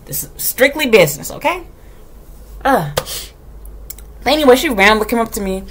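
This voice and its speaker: A woman's voice: a little high, animated, normal speed, a bit bright, slight background noise. A woman, a kindergarten teacher, venting in casual chat to her viewers. She tells the story bluntly and with a lot of swearing, acting out what other people said. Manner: blunt, profane, sassy storytelling; acts out quoted dialogue.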